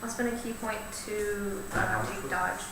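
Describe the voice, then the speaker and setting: A woman player chatting casually in a tabletop game, animated and laughing often. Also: measured pace, crowd noise. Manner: animated, laughing, lively pitch. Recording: echoey, distant mic.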